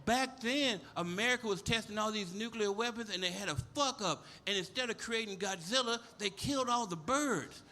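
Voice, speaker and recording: Brash, high-voiced stand-up comic man. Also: normal speed, few pauses, bright, forceful tone. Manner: profane, brash, storytelling. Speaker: stand-up comedian. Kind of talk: stand-up comedy set. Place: comedy club stage before a live audience.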